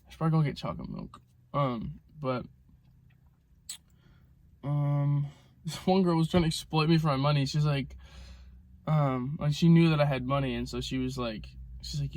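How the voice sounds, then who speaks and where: A young man rambles casually into his phone camera from a car, telling a vlog story stuffed with "like" and "um." His voice sits on the high side and is a little mellow, with a slow pace, long pauses, and a faint hiss or hum in the recording.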